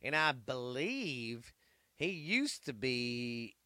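A male sports host who rambles and swears freely through casual chat. His voice is bright and crisp, recorded close and dry. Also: medium pitch, sing-song, drawn-out words, no room sound. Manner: rambling, profane. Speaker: podcast host.

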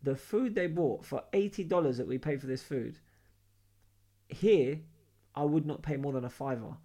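A young man with a London accent and a fairly high voice tells stories in a casual chat. He acts out the dialogue as he goes, with laughter breaking in now and then. His delivery is lively and full of banter. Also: normal speed. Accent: London English. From London, England. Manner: animated storyteller, acts out quoted dialogue, laughs often.

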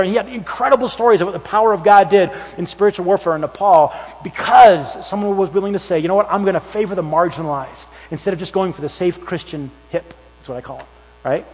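A man preaching a sermon as a youth pastor, telling Bible stories in an animated way and acting out the voices with sudden shouts and quiet asides. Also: sits high. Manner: animated storytelling, acts out voices with shouts and whispers. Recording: long hall reverb.

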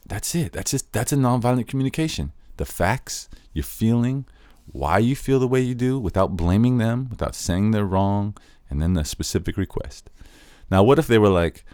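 Male podcast host, very low voice, dry close sound, easygoing explainer. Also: lively intonation, normal speed, darkish tone, no room sound. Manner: conversational, acts out quoted examples. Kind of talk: casual explanatory talk.

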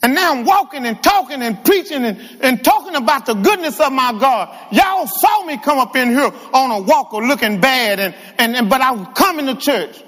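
High-voiced, animated male preacher. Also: normal speed, hardly any pauses. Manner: animated, humorous, calls out to the congregation. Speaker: guest preacher. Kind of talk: lively church sermon. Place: church sanctuary with reverb. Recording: long hall reverb in church.

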